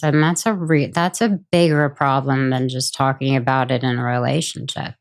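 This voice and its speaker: A woman in her thirties, a podcast guest, talking candidly and haltingly. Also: deep voice, smooth, no echo. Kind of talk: casual podcast conversation.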